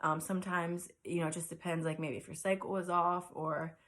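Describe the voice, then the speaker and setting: Earnest woman with a low voice. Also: level tone, a bit bright. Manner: earnest, halting, many fillers and restarts; emotional, close to tears at times. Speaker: vlogger sharing a personal story. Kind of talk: casual personal storytelling to camera.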